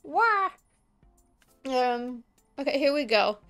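A woman's voice: high voice, measured pace, soft background music. A woman from Liverpool with a mild Scouse accent, chatting casually on a game stream, rambling with lots of fillers.

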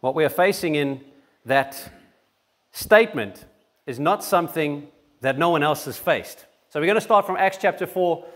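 Man, pastor, church sermon, conversational, restarts, slightly high pitch. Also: expressive, moderate pace. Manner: conversational, with frequent restarts and repeated words.

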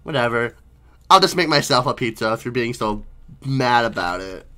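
A woman voicing a calm, callous cook who speaks in a low, flat, unbothered way. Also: normal speed, full character voice. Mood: deadpan. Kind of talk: voicing characters while playing a game.

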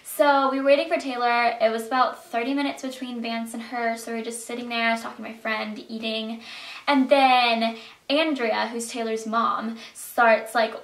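A teenage girl telling a storytime vlog in an excitable, chatty way with lots of fillers. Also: fairly high pitch, moderate pace. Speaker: vlogger. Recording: echoey room.

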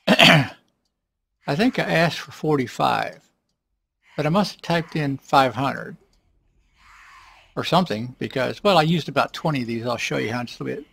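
A man giving casual, rambling commentary while playing a survival game, often clearing his throat. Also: mid-range voice, unhurried, long pauses, a bit bright. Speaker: let's play gamer.

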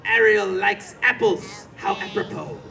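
A man playing a showy, teasing old-Hollywood game show host who shouts to a street crowd. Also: sits high, a little slow, vocal fry, exaggerated voice. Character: showy male 1920s Hollywood emcee, teasing. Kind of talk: live street comedy show. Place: outdoor theme park street. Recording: distant, loud crowd and noise.

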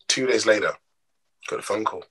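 A man with a lowish, husky voice who recounts anecdotes with energy, slipping into the voices of the people in them. His delivery is expressive and conversational, fitting an interview. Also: moderate pace, low-quality recording. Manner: expressive, acts out quoted dialogue. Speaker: actor guest. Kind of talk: animated storytelling in an interview.

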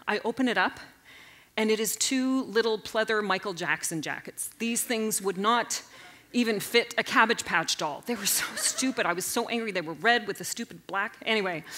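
A woman in her forties telling comedic stories on stage, animated and self-mocking, jumping into loud character voices. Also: mid-range voice, moderate pace. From Canada. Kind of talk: stand-up storytelling talk. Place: stage at a live event.

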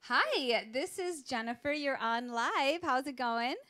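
A woman's voice: high voice, lively intonation, slow, pushed and bright. A woman hosting a live call-in show, chatting casually with callers and laughing often.

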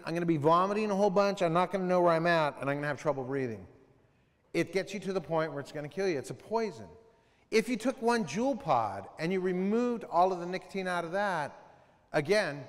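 Long reverb from a big school hall surrounds this middle-aged man as he delivers a lively assembly talk. His voice is notably high, and he spins stories for the students, fires questions at them and acts out sounds.

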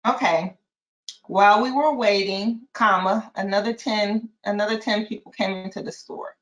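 A woman's voice: medium pitch, fairly even intonation, moderate pace, fairly bright tone, rough recording. A woman adult learner reading sentences aloud carefully and hesitantly in a lesson.

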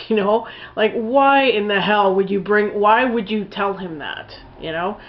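A woman talks through a film review in a loose, rambling way, full of fillers and blunt swearing. Her voice sits at an ordinary middle pitch. The recording sounds a little dull and lo-fi. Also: a little slow. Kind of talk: casual spoken film review.

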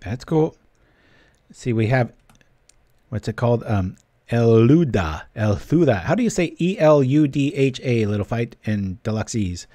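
Man, casual gameplay commentary, chatty and joking, dry close mic, mid-pitched voice. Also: animated, measured pace, warm tone, dry recording. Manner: chatty, joking, reads chat aloud. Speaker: streamer playing a card game.

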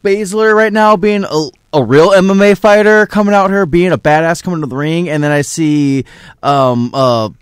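A man's voice: fairly high pitch, normal speed, clear, resonant tone, dry recording, studio quality. A man co-hosting a casual wrestling podcast, speaking bluntly and swearing freely. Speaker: podcast co-host.

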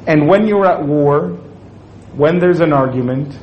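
A man's voice: fairly high pitch, measured pace, highs cut off, a little hiss or hum. A man giving a humorous Islamic lecture to an audience, joking and acting out little scenes as he speaks. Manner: joking, playful storytelling with acted-out quotes.

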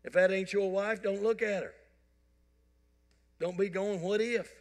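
A man's voice: sits high, measured pace. A man preaching a sermon, telling folksy, joking stories to his congregation. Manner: folksy storytelling, animated and joking. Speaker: pastor. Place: church sanctuary. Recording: church hall reverb.

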